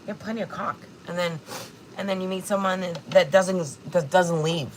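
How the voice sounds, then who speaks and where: A woman in her forties hosts a casual livestream from her kitchen. She is tearful and speaks frankly, swearing freely in a lowish voice. Clear background noise from the room runs under her speech. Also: steady tone, moderate pace, rough recording. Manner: candid, emotional, swears freely. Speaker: livestream host. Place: home kitchen.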